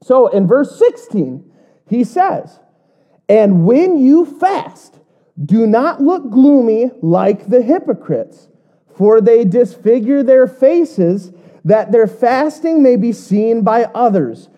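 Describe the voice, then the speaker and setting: A woman giving a casual Bible teaching. She jokes between passages and reads scripture slowly. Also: fairly high pitch, animated, warm tone.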